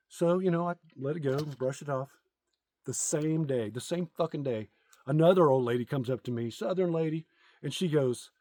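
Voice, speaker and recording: A middle-aged man with a fairly high voice rambles through crude jokes in a casual vlog, full of ums and uhs. He is recorded outdoors, and the sound is close and dry. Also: normal speed, darkish tone, dry recording. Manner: crude, rambling joke-telling with many fillers. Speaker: content creator.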